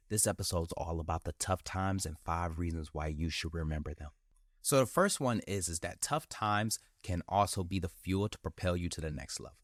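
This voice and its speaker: A man talks straight to his listeners in a casual motivational monologue, loose and slangy, circling back over his phrases to drive them home. His voice sits very low. The sound is close and dry, with no room around it. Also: no echo. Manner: candid and animated, slangy, repeats phrases for emphasis. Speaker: podcast host.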